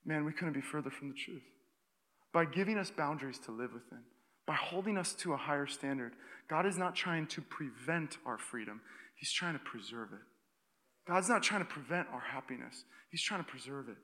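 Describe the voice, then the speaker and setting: Young male pastor in a reverberant hall. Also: a little high. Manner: animated storytelling with frequent restarts and quick asides. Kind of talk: sermon with personal story. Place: church auditorium. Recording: long reverb of a church hall.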